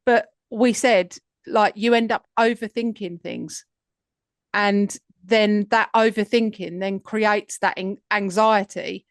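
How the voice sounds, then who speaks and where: A woman's voice: mid-range voice, steady tone, slow, dry recording, clean studio sound. A woman co-hosting a podcast in casual chat, agreeable and encouraging, with some casual swearing. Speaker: podcast co-host.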